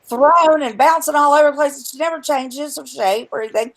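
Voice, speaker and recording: High, gravelly woman streamer. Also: brisk, rough recording. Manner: blunt, profane, rambling storytelling. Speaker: stream host. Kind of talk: casual chat.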